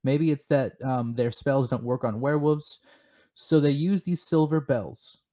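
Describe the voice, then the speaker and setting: A man co-hosting a comedic chat show, spinning deadpan, mock-serious theories with lots of halting restarts. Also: mid-range voice. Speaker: podcast co-host.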